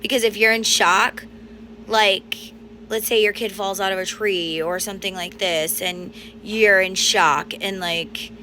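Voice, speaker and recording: Talking to her viewers in a loose, rambling way full of fillers, this thirty-something mother of five vlogs casually to camera. She speaks unhurriedly in a mid-range, pushed, bright voice with fairly even intonation, and the rough recording carries noticeable background noise.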